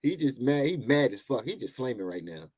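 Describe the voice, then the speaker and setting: A man's voice: mid-range voice, sing-song, a little fast, a little mellow, slightly rough. Mocking, laughing man reacting to a clip. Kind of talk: reaction commentary.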